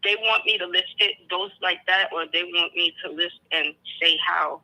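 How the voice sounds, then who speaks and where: A woman calling in by phone, hesitant and halting as she searches for words. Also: fairly low pitch, pushed and bright. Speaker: caller. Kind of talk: phone call. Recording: tinny phone line.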